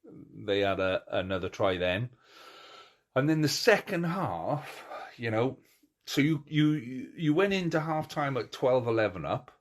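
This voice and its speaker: A middle-aged man hosting a podcast in casual chat, telling stories in an animated way with lots of restarts. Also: medium pitch, measured pace. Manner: animated storyteller, acts out crowd cheers; chatty, many restarts and fillers. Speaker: podcast host.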